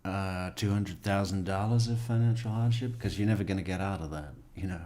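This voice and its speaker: A man with a very low voice reads a crime news story aloud and keeps breaking in with dry, sarcastic asides. He sounds like he is in an echoey room, commenting casually. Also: brisk, warm tone.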